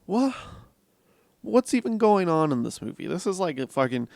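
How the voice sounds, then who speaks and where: A man's voice: high-pitched, big pitch swings, moderate pace, gravelly, darkish tone, no echo, clean studio sound. A man giving a casual, blunt film review, swearing freely and laughing at his own jokes. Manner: blunt, profane and sarcastic. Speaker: movie reviewer.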